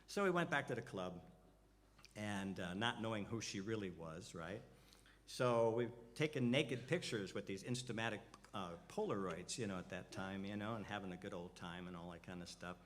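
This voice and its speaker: A man's voice: fairly low pitch, animated, normal speed, a little hiss or hum. An older man, a musician on a festival stage, telling a meandering, profane anecdote in a casual way. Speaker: musician and storyteller. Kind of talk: rambling onstage anecdote. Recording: loud music behind the voice. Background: loud music.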